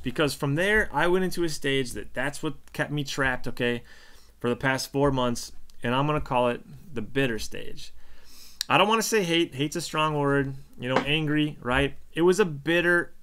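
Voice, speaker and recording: A man in his thirties speaks in an earnest, rambling way, asking himself questions and filling pauses as he goes. His voice sits a little higher than most men's. The tone stays that of a casual personal monologue. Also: a bit bright. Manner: earnest, rambling, many fillers and self-questions. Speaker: video blogger on faith.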